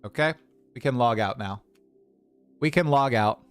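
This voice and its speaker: A young man chatting casually on a livestream, rambling and animated as he talks to his chat. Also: mid-range voice, measured pace, clean tone, faint music behind. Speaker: streamer.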